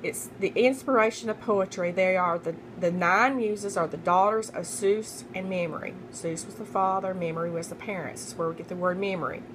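A woman's voice: fairly low pitch, fairly even intonation, moderate pace, hardly any pauses, slight background noise, poor audio. A young adult woman reading poetry terms aloud as a study guide. She repeats each term, spells names out letter by letter, and stumbles and corrects herself. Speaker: student making a study guide.

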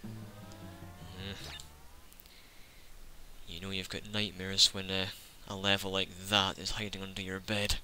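Sharp-voiced gamer, sarcastic. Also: male voice, deep voice, level tone, slow, long pauses, slight background noise. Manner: sarcastic, joking asides to the game. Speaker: let's play gamer. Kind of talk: casual gameplay commentary.

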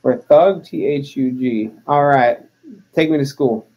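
A man's voice: medium pitch, unhurried, dull audio. Give me a man chatting in an interview, playful and self-deprecating. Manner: joking, self-deprecating, animated. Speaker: wrestler, interview guest. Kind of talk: casual interview chat.

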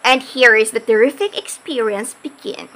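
A woman giving a humorous storytelling speech, dramatic and animated as she plays her younger self. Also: fairly high pitch, moderate pace, poor audio. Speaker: speaker.

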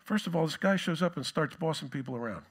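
A male pastor preaching a sermon in a relaxed, conversational way with joking asides. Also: a little high, fast talker, breathy edge.

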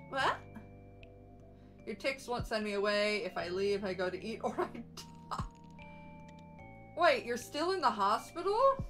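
A woman's voice: a little high, expressive, slow pace, pauses often, fairly bright tone, soft background music, poor audio. A young woman streaming from home, chatting casually with her viewers in a bubbly, chatty way. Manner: chatty, bubbly, coos baby talk to her dogs. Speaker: VTuber streamer. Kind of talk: casual live-stream chat.

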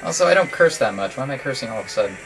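A man casually commentating while he plays a video game, chatty and joking with sudden excited yelps. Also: mid-range voice, rapid-fire, vocal fry. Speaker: guest player commentating. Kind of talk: casual let's-play commentary. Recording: from a distance with game music behind.

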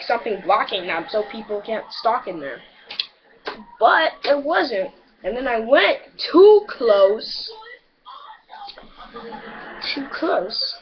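A teenage boy rambling crudely and boastfully in a casual video monologue. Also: very high voice. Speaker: vlogger. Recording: dull audio with background chatter.

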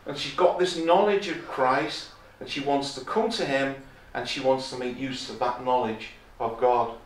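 A man's voice: medium pitch, normal speed, slight background noise. A man preaching a sermon, emphatic, repeating key phrases and raising his voice when he quotes scripture. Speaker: visiting preacher. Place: chapel. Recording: echoey chapel, from far off.

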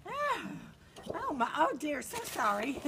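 Older woman impersonating a celebrity TV chef: high, lively, exclaiming, home kitchen video with loud noise. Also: slow, creaky, exaggerated voice. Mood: playful. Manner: fluttery, exclaiming, bossy with helper. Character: impression of a famous warbly older woman TV chef. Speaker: grandmother hosting a mock cooking show. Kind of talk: playful mock cooking demo.

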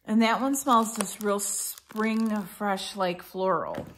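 A woman's voice: mid-range voice, slow, a little hiss or hum. A middle-aged woman chatting casually through an unboxing at home, meandering with fillers and self-corrections. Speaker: vlogger reviewing a subscription box.

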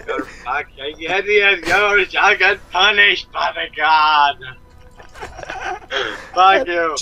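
A man, trash-talking in a rowdy gaming voice chat, excitable and mock-angry, often cursing. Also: takes it slowly, lo-fi sound, a little hiss or hum. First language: Danish. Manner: excitable, swearing, mock-angry, squeaky outbursts. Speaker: gamer.

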